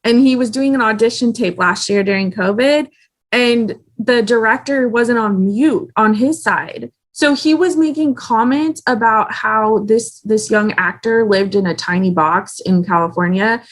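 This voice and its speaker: A woman's voice: a little high, a little slow. A woman hosting a casual podcast interview, telling stories in a chatty, meandering way. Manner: chatty storyteller, meandering, animated retelling. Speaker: podcast host.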